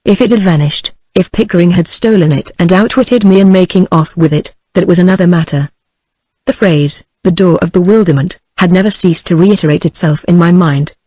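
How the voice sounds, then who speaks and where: A text-to-speech woman's voice with a British English accent, reading a novel aloud in an even, steady narration. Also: lowish voice, fairly quick, no room sound.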